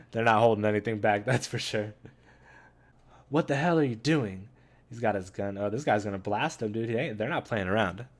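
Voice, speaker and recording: A man hosting a gaming channel, reading a comic with viewers in an excitable, chatty way and talking straight to them. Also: on the low side, normal speed. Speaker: gaming YouTuber. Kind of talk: casual read-along commentary.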